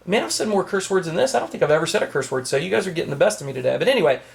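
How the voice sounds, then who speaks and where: High-voiced man on a heated rant. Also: very animated, very fast, gravelly. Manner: heated, emphatic ranting with swearing. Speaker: knife collector vlogger. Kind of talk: ranting to camera. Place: small home office.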